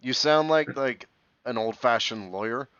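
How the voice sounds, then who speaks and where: A man's voice: mid-range voice, unhurried, fairly bright tone, clear, resonant tone, no echo. A man co-hosting a podcast in casual banter. He is sarcastic, swears and laughs often. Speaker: podcast co-host. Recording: dull, dry close mic.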